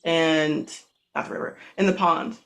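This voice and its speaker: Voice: mid-range voice, steady tone, unhurried, fairly bright tone, faint music behind. A game master narrating a tabletop game in a loose, rambling way with many fillers.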